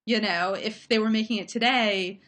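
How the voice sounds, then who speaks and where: A woman's voice: medium pitch, steady tone, normal speed, fairly bright tone. A woman film critic talking through her views on movies in a thoughtful, analytical way, with many fillers, over a remote call. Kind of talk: casual conversation about movies.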